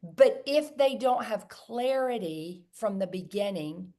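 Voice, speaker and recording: A woman hosts a coaching conversation in a voice of ordinary pitch. She talks emphatically and comes back to her key words again and again. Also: expressive, takes it slowly, dark tone. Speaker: host. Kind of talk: coaching talk on feelings.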